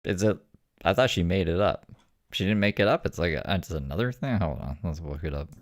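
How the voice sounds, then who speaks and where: A woman's voice: very deep voice, lively intonation, fairly quick, a little hiss or hum. A woman from Canada co-hosting a casual reaction show, wry and laid-back, often puzzled. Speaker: commentary co-host.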